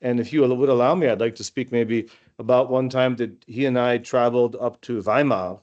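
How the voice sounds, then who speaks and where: A man's voice: medium pitch, fairly even intonation, fairly quick. Man telling stories on a muffled call. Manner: rambling, warm anecdotes with many restarts. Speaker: former student sharing memories. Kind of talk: casual storytelling.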